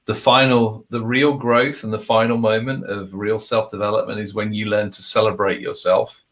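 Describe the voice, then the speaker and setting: A man's voice: lowish voice, level tone, normal speed, fairly bright tone. A man hosting an interview show, giving thoughtful coaching advice in long, reflective sentences. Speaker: podcast host.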